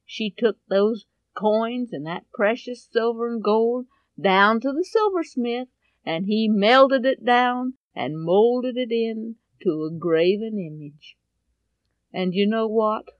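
A woman telling a Bible story in an expressive way, swinging between loud and hushed. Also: a little high, slow pace, no room sound, dull audio.

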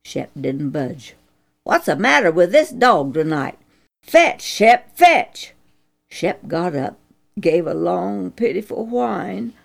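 Slow gravelly woman telling a story. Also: darkish tone. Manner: slow, earnest storytelling that rises high for emotional moments. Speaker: children's radio storyteller. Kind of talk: children's Bible story narration.

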